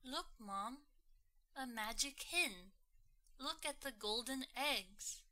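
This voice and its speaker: A woman's voice: high voice, lively intonation, takes it slowly, sharp tone, no echo, exaggerated voice. Woman voicing an eager young storybook boy. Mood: cheerful.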